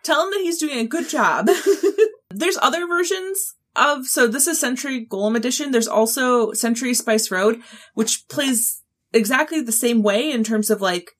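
Woman co-host, bit higher pitched, gushing and giggly in casual chat. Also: animated, normal speed, fairly bright tone.

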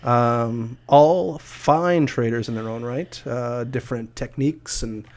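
A man co-hosting a podcast, announcing awards in a relaxed, joking way full of fillers. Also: mid-range voice, takes it slowly. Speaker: podcast co-host. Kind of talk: casual podcast chat.

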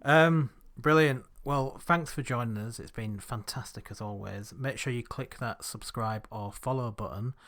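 Upbeat guy wrapping up a podcast, normal pitch. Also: measured pace, hardly any pauses, fairly bright tone. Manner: upbeat, leading the wrap-up. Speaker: podcast host. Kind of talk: casual podcast chat.

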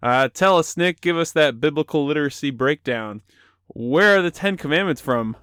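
A man's voice: fairly high pitch, expressive, normal speed, a bit bright, clear, resonant tone, no room sound, studio quality. A young man hosting a casual Christian podcast, upbeat and joking, often laughing. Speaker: podcast host.

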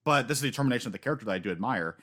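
Rambling, animated man co-hosting. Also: mid-range voice, racing. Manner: rambling, animated, swears casually. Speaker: podcast co-host. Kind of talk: casual chat about manga chapters.

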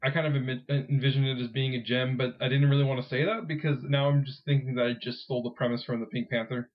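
A man's voice: mid-range voice, steady tone, fast talker, dull audio. A man co-hosting a podcast, chatting casually in a rambling, self-interrupting way and laughing often. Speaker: podcast co-host.

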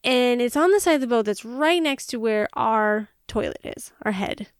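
A woman co-hosting a podcast, telling a story in animated fashion, laughing and acting out her own panic. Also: fairly high pitch, moderate pace, clear, resonant tone, no echo, studio quality. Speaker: podcast co-host. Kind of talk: casual storytelling chat.

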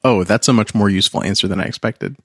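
Dry-witted man, lowish voice. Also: quick pace, slightly rough, no echo. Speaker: podcast co-host. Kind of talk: casual chat.

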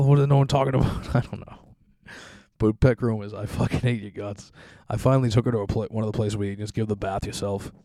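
A man's voice: lowish voice, vocal fry, warm tone, no room sound, clean studio sound. A young man hosting a podcast, ranting casually with lots of swearing and laughter. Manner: profane, rambling, laughing complaints. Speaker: podcast host. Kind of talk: casual profane podcast rant.

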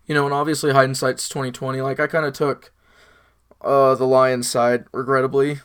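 A man's voice: mid-range voice, level tone, moderate pace, a bit bright, clear, resonant tone. Chill young guy on a football pod, rambles, lots of likes and ums. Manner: laid-back, rambling with lots of fillers. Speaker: podcast co-host. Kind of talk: casual sports podcast chat.

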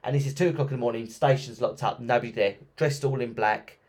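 A man's voice: medium pitch, fast. Chatty man telling ghost stories. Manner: chatty, lively retelling with many ums and restarts. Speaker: podcast host. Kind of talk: casual storytelling podcast.

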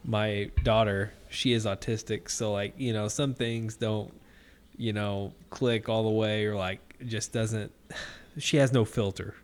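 A man's voice: lowish voice, steady tone, unhurried, clean tone. A man in his thirties co-hosting a podcast, telling crude stories in casual banter, rambling and profane, laughing at his own tales. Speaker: podcast co-host.

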